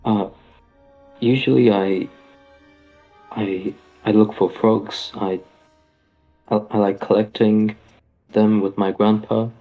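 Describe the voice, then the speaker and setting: A man playing a shy young hobbit in a tabletop game, polite and halting, stammering as he speaks. The voice sits low and flat and comes through a thin, phone-like line. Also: soft background music. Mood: timid. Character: timid young male hobbit.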